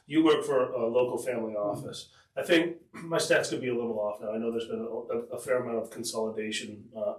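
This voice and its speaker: Man, podcast host, conversational, long questions, mid pitch, roomy sound. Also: distant mic. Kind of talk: casual podcast interview.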